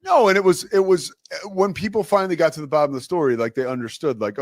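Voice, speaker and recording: A man's voice: fairly high pitch, fast talker, hardly any pauses, dry recording, studio quality. A man hosting a show, chatting casually and often restarting his sentences. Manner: conversational, repeats words when starting sentences. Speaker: host. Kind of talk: casual chat.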